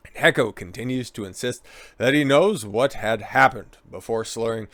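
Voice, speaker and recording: A man with a gravelly, creaky voice reads out a news story and mocks it with crude, sarcastic asides. The sound is dry and close, with no room echo. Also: medium pitch, moderate pace, a bit bright. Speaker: online commentator. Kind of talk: news reaction commentary.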